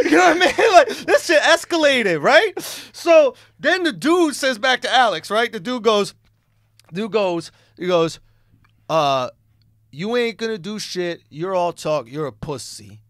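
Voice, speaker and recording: A high, bright-voiced man in his thirties spins a comic story for a podcast, loose and slangy. He acts out each quoted line with plenty of energy. The sound is dry and close. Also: lively intonation, measured pace, no echo. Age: 30s. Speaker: podcast co-host.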